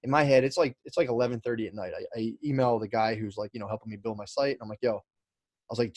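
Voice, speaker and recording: A man's voice: medium pitch, rapid-fire, darkish tone, dry recording. A man telling a long story as a podcast guest, rambling with lots of fillers, restarts and swearing. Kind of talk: casual storytelling chat.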